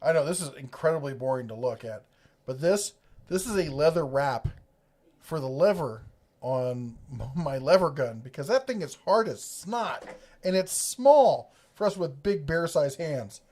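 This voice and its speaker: A man's voice: fairly high pitch, expressive, measured pace, darkish tone. A middle-aged man from the Ohio and Kentucky area hosts a casual livestream, reading viewer comments in a rambling, jokey way that keeps breaking off mid-sentence. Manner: rambling, self-interrupting, jokey. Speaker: host of a tool livestream.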